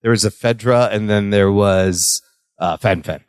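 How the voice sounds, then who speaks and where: A man's voice: fairly low pitch, unhurried, smooth, dry recording, studio quality. A man co-hosting a podcast, chatting casually and acting out scenes from a sitcom episode. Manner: animated, acts out quotes from the episode. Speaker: podcast co-host. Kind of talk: casual chat recapping a sitcom.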